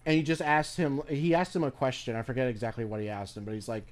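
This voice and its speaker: A man's voice: medium pitch, steady tone, quick pace. A man streaming a game, talking casually in a rambling, profane way, often restarting his sentences. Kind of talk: casual commentary while playing a game.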